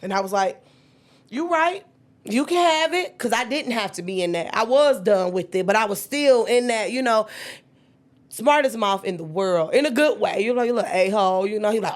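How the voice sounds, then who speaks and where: Animated woman telling a personal story. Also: fairly quick. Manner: animated, acts out quoted dialogue with sudden high-pitched bursts.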